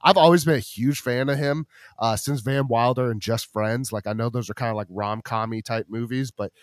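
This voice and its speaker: A man's voice: medium pitch, fairly even intonation, a little fast, no room sound, clean studio sound. Enthusiastic rambling male podcast host. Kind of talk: casual chat.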